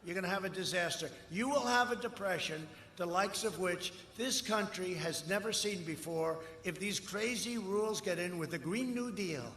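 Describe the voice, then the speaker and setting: Male rally speaker, high and bright, boastful and repetitive, often shouting; echoing outdoor loudspeaker sound. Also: moderate pace, hardly any pauses. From United States. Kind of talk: campaign rally speech. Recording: echoey rally sound with long reverb and faint ambience.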